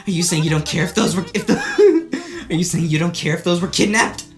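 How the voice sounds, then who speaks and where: A man voicing a proud, naive young female ninja from a video game in a high, girlish voice. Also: big pitch swings, a little fast, soft background music. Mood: indignant. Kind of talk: video game voice-over reading.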